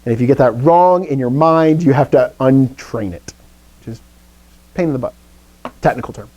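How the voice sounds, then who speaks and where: Man teaching a lively classroom lesson. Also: mid-range voice, moderate pace. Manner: lively, explaining step by step, jokey asides. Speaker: Greek teacher. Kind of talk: classroom lecture.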